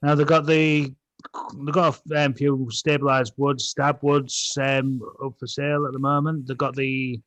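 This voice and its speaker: A man's voice: medium pitch, flat delivery, a little slow, a bit bright, no room sound. A man co-hosting a podcast, reading out a list of deals and stumbling over product names. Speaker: podcast co-host.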